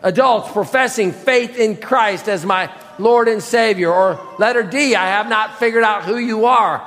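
High-voiced man preaching a sermon. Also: a little slow, fairly bright tone, big-room sound. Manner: emphatic, questions the congregation directly. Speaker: pastor. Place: church sanctuary.

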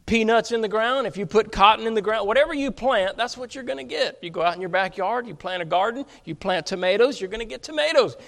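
A man's voice: high voice, fairly bright tone. A man preaching a sermon as pastor, emphatic, often asking his congregation rhetorical questions.

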